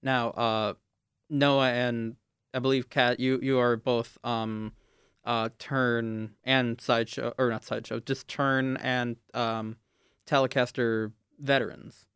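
A man's voice: medium pitch, little pitch movement, slow pace, fairly bright tone, clean tone, no echo, studio quality. A young man hosting a casual panel, asking meandering questions full of fillers. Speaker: panel host. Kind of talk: casual interview chat.

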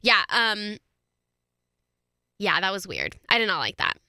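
A young woman co-hosting a true crime podcast, chatting casually with quick reactions and laughs. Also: medium pitch, very animated, bright, forceful tone, no echo, clean studio sound. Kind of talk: casual chat.

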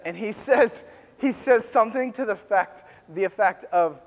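A male pastor with an unusually high voice delivers a sermon and gets wrapped up in the story he tells. His delivery swings from loud bursts to hushed near-whispers. The sound carries the long reverb of a large church hall. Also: normal speed.

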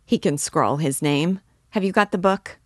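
A hearty young male student who takes charge and jokes as he talks, read by a woman. The voice sits low and the sound is dry and close. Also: normal speed, darkish tone, no echo, close to an everyday voice. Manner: hearty, bossy, joking.

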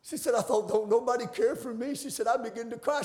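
A man preaching a fervent sermon, telling stories in a folksy way and building to shouted climaxes. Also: extremely high pitch, fairly quick, few pauses. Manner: storytelling in a folksy, conversational way.

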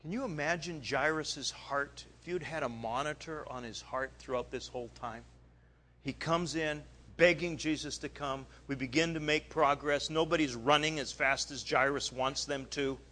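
A male preacher retelling a story in a sermon, animated, swinging between loud bursts and quiet asides. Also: fairly high pitch, normal speed.

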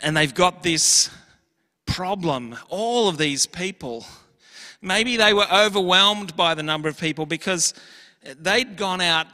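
A man's voice: high voice, bright, forceful tone, in a large hall. A man preaching a sermon as pastor, earnest and emphatic, with little acted asides.

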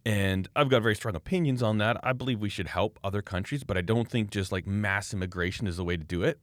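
On a casual podcast, a low-voiced Canadian man rants fast, animated and scornful, mocking his critics the way a knife maker might swap stories. The recording is close and dry, with no room sound or echo.

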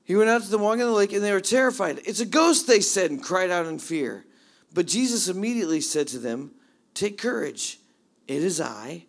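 A man preaching a sermon, animated as he retells the story, swinging from hushed asides to excited bursts. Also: high voice, fairly quick, creaky. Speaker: pastor.

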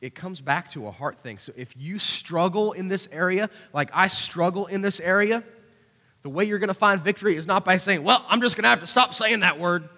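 A man preaching a conversational youth sermon, animated, with acted-out asides. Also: a little high. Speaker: youth pastor. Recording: hall reverb.

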